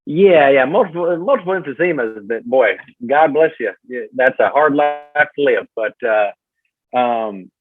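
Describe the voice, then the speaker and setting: A man's voice: medium pitch, slow pace, over music. Southern man rambling over a tinny line. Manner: rambling, lots of fillers and restarts. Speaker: podcast guest, musician. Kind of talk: casual podcast chat. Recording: tinny phone-like line, dry.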